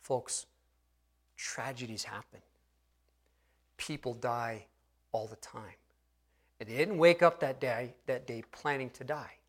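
A middle-aged male pastor preaching a sermon in an earnest way, often dropping to a hushed tone to stress a point. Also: medium pitch, slow pace, long pauses.

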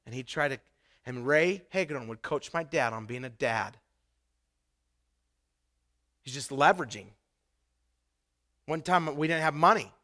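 A middle-aged man from Idaho preaching a sermon, telling personal stories and building to loud, emphatic bursts. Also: fairly high pitch. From Idaho, USA. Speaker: pastor.

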